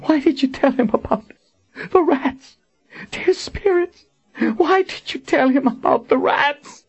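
A man voicing a terrified young woman captive, shrill and hysterical, in a storybook reading. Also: takes it slowly, lo-fi sound. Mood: weeping.

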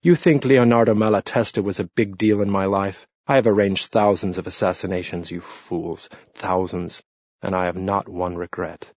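A man's voice: low voice, fairly even intonation, moderate pace, no echo. A man voicing a defiant, blasphemous peasant assassin who taunts his captors with weary contempt, in an audiobook reading. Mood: contemptuous defiance. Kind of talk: audiobook narration. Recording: dull lo-fi dry read.

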